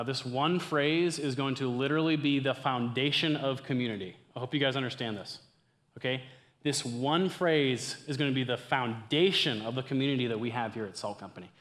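A young man giving a casual, conversational sermon to a campus ministry group, swinging from loud, excited bursts to hushed, earnest lines. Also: medium pitch.

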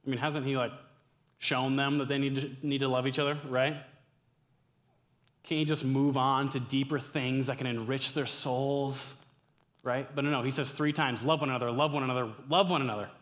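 Addressing a campus ministry group, this young man delivers a relaxed, conversational sermon at normal speed in a medium pitch. He shifts from loud, excited outbursts to quiet, earnest moments.

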